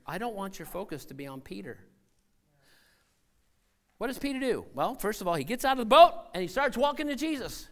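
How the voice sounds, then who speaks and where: A man preaching a sermon as a missionary, acting out scenes and voices and swinging from shouting to hushed tones. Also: high-pitched, big pitch swings, a little fast, pauses often.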